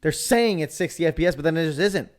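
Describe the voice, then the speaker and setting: Dude on a podcast riffing along, jokey, always piling on. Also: male voice, on the high side, animated. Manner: joking, quick to agree and add on. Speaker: podcast co-host. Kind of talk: casual chat.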